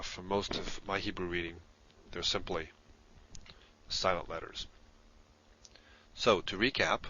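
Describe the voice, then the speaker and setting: A deep, low-pitched man talks through a lesson at an unhurried, measured pace. His tone is bright and forceful, though the audio sounds dull and lo-fi. He pauses often with ums as he explains. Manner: slow, deliberate, explanatory with frequent ums. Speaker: Hebrew course narrator. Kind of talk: recorded lesson narration.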